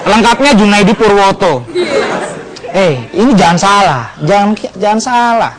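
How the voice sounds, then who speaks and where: A man doing playful stand-up comedy, acting out angry people by shouting. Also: high voice, lively intonation, moderate pace, music in the background. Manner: playful, acts out angry shouting judges and drivers. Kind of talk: stand-up set. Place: stage before a live audience. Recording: noisy venue with crowd.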